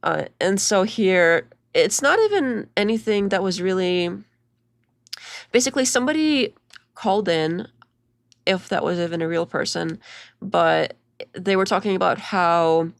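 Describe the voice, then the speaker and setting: A woman's voice: lowish voice, lively intonation, a little slow, creaky, no room sound. A young woman hosting a casual commentary video, chatty and mocking, talking over clips with lots of "like" and restarts.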